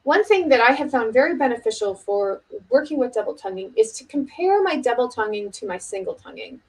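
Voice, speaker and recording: A middle-aged woman teaching oboe technique in a relaxed video lesson, talking casually with many fillers and restarts. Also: fairly high pitch, fairly quick, low-quality recording.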